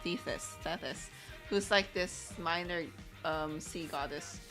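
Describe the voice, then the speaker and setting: A woman's voice: lowish voice, takes it slowly, music in the background. A young woman chatting casually on a live stream, rambling and giggling, full of "like".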